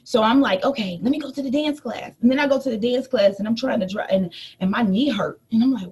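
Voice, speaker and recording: Husky animated woman life coach. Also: on the high side, quick pace, few pauses. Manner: animated storytelling, addresses listeners as y'all. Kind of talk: motivational talk to an audience.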